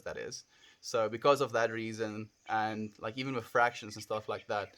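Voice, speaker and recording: A South African man chatting casually on a late-night livestream, rambling softly with many fillers and calling viewers friend. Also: lowish voice.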